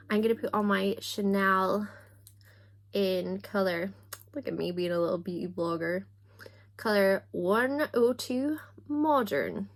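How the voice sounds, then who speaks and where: A young woman chatting casually on camera while doing her makeup, with a self-mocking, chatty manner and little asides. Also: medium pitch. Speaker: book vlogger.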